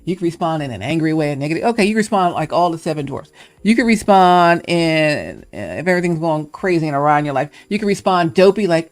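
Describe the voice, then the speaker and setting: This livestream host speaks in a low, animated voice that runs fairly quick and a little mellow. She's a woman keeping things casual, musing playfully, turning encouraging, and now and then slipping into small character voices.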